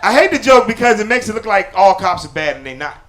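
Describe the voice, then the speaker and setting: A man doing live stand-up comedy on a theater stage, punchy and loud, then dropping low for asides. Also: sing-song, fast talker. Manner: loud, punchy delivery with sudden drops to low confiding asides. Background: audience laughter.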